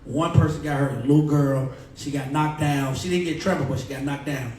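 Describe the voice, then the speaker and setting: Male radio guest, animated storyteller, off-mic in a roomy space. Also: a little high, fairly quick, a little hiss or hum. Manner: lively slang-heavy storytelling. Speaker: radio personality, podcast guest. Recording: echoey room, distant mic.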